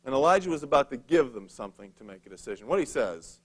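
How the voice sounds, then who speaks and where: A man's voice: medium pitch, sing-song, fast. A male preacher retelling a Bible story in a casual, conversational sermon, with a humorous touch.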